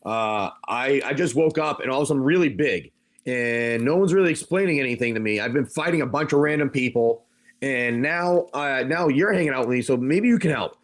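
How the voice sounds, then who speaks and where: A man's voice: medium pitch, animated, lightly acted. Man voicing a big confused creature. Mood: puzzled. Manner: rambling, halting. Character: big confused young male creature lost.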